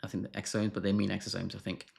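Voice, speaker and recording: Blunt, gravelly man answering questions. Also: low-pitched, monotone, rapid-fire, darkish tone. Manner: frank, blunt and dismissive of marketing. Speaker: doctor answering viewer questions. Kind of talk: live Q&A stream.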